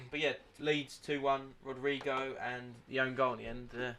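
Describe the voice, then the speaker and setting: Young bloke on a football pod, bright voice, rambly chat. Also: male voice, mid-range voice, level tone, normal speed. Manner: chatty, rambling with restarts. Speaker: podcast co-host.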